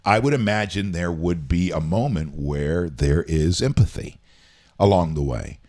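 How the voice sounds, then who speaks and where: A man's voice: deep voice, measured pace, a little mellow. Guy hosting a chatty show from home, rambles, reads news and adds his two cents. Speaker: show co-host. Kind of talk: casual talk show chat.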